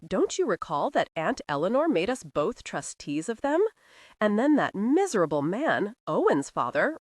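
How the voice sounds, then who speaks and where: A woman voicing a whining indignant young gentleman. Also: mid-range voice, no room sound, studio quality. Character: petulant aggrieved young gentleman.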